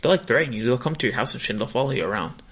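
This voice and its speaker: A man's voice: medium pitch, expressive, very fast, a bit bright, slightly rough. A man in casual chat, rambling through stories with lots of slang and profanity.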